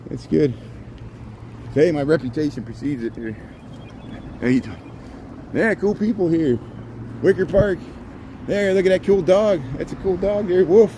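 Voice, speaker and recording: Middle-aged male vlogger, slightly high voice, rambling street-walk commentary, loud traffic behind. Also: expressive, measured pace, long pauses. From Indiana. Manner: rambling, chatty, greets passersby. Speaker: walking livestream vlogger. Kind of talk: casual running commentary while walking. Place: city street outdoors at dusk. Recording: outdoor street noise and traffic.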